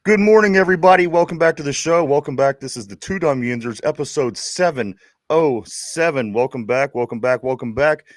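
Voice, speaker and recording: This co-host of a casual sports chat show hails from Pittsburgh and has the accent to match; he rambles, stumbles, and laughs through it. He speaks at a brisk clip in a medium pitch, captured with crisp studio sound and no echo.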